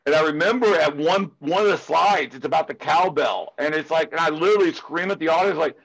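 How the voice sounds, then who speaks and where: A man with a voice a bit higher than most talks in a loose, rambling way. He keeps sliding into fired-up rants and leans on filler phrases between thoughts. It sounds like casual interview chat. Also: brisk, creaky, fairly bright tone, husky, poor audio. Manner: rambling, passionate, ranting; heavy filler use of "it's like". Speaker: security conference speaker.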